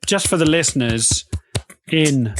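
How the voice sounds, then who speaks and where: A man's voice: on the high side, lively intonation, measured pace, loud music behind the voice. A man hosting a tabletop game podcast, joking and teasing his co-hosts. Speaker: podcast host. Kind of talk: casual chat.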